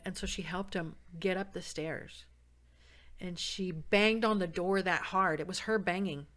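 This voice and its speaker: A podcast guest from San Diego tells a personal story at a measured pace with fairly even intonation, acting out the quoted voices with big jumps in pitch and loudness.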